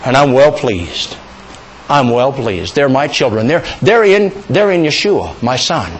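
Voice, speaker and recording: A man's voice: medium pitch, measured pace, slight background noise, low-quality recording. An older man preaching a sermon, asking the congregation questions and calling for amens. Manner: animated, asks the congregation questions and calls for amens.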